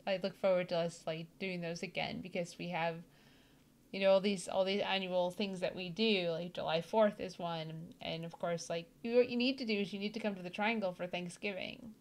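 A woman's voice: on the low side, steady tone, fairly quick. A woman hosting a casual chat, bubbly and enthusiastic and laughing often between thoughts. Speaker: host.

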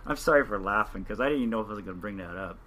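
A man's voice: fairly low pitch, lively intonation, rapid-fire, crowd noise. An older man, a former fishing captain, telling stories from his working years in a casual podcast interview, rambling and earnest with frequent restarts.

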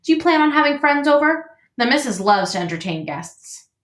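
A woman's voice: sits high, very animated, fairly quick, pitched above the performer's own voice. A woman voicing a friendly, talkative male beaver builder with a folksy manner, in an echoey room. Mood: chatty.

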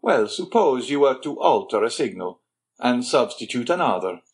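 A man's voice: medium pitch, sing-song, moderate pace. A man reading an audiobook, voicing a suave count who questions and tempts a clerk with pointed questions. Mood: probing.

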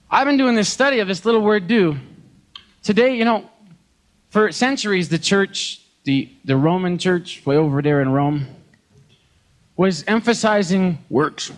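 A man preaching from a concert stage in a folksy, joking, animated storytelling way. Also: high-pitched, measured pace. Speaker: singer and preacher. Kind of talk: live concert sermon talk. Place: concert stage before an audience.

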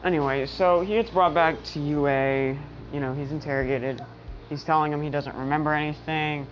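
Low-voiced woman telling a rambling fan story. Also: a little hiss or hum. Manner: rambling, with many fillers and restarts. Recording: dull lo-fi recording.

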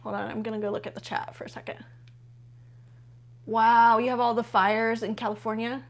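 A chatty woman hosts a relaxed live stream from home. Her voice sits a little high, and she gushes over each new find while chatting with her viewers. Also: moderate pace. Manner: gushing, chatty, talks to viewers while flipping pages. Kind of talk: casual live unboxing chat.

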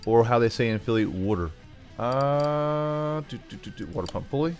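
A man's voice: mid-range voice, moderate pace, faint music behind. A man giving casual, rambling commentary over a game, full of playful asides. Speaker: gaming YouTuber.

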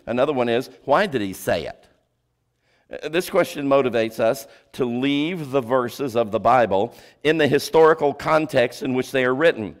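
A male preacher giving a sermon, asking the congregation rhetorical questions and dropping his voice low for emphasis. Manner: drops pitch and volume for emphasis.

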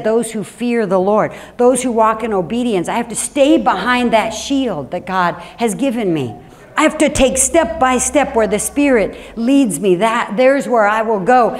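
A woman pastor preaching a sermon in a church, animated and emphatic, with sudden drops to a quiet, low voice. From Washington State.

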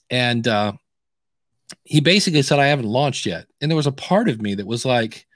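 A man's voice: mid-range voice, expressive, fairly quick, dry recording, studio quality. A middle-aged American man co-hosting a podcast, telling rambling stories and acting out the dialogue he quotes. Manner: rambling storyteller who acts out quoted dialogue. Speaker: podcast co-host. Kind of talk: casual podcast chat.

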